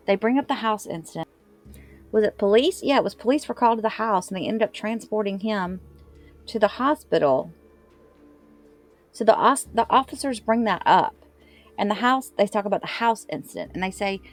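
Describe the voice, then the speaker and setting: A woman's voice: medium pitch, animated, normal speed, long pauses, soft background music. A woman casually retelling court testimony, quoting people loosely and correcting herself as she goes. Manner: loose recap with filler words and self-corrections, quoting others. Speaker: true crime commentator.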